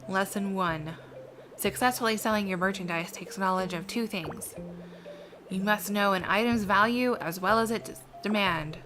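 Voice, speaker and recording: A woman voicing a stern old male shopkeeper mentor with a gruff, scolding manner, game music behind. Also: mid-range voice, normal speed, natural voice.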